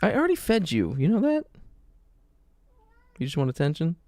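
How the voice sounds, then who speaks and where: A man's voice: on the high side, huge pitch swings, moderate pace, mellow, no echo. A man casually chatting as a streamer reacting to clips, rambling and swearing as he goes.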